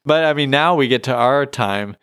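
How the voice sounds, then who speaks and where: A man's voice: medium pitch, moderate pace, fairly bright tone, smooth, no echo, clean studio sound. A man co-hosting a casual podcast about an old Christmas song, chatty and joking. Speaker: podcast co-host. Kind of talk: casual chat.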